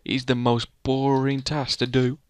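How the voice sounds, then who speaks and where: A man's voice: medium pitch, completely flat delivery, normal speed, darkish tone, clear, resonant tone. A man, casually chatting and teasing a friend while playing a building game. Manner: rambling, playful, teasing his co-player. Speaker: let's play gamer. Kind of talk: casual gameplay commentary.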